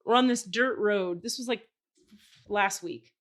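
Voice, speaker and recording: A woman hosting a podcast, telling a story in casual chat, animated and swearing, acting out the voices of people she quotes. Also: medium pitch, unhurried. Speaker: podcast host.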